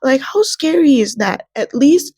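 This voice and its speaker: Slow-talking tearful woman book vlogger. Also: high-pitched, very animated, dark tone, no echo. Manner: rambling, emotional, tearful at times. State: crying. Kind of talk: casual reading vlog.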